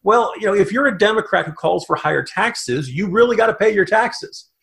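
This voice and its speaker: A man co-hosting a political podcast, chatting animatedly in quick bursts with asides. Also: high-pitched, expressive, vocal fry, a bit bright. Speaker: podcast co-host. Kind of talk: political commentary chat.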